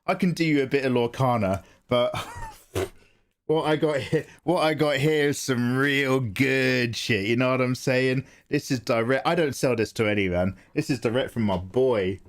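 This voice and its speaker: A man voicing a smooth-talking male drug dealer in a put-on Welsh accent, coaxing and wheedling. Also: mid-range voice, moderate pace, lightly acted. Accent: mock Welsh. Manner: wheedling, calls the listener baby and sugar.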